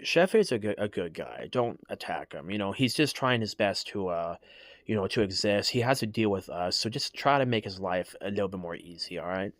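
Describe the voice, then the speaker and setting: A man voicing a calm, protective male creature in a relaxed, reassuring tone. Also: on the low side, brisk, no room sound, clean studio sound, close to an everyday voice.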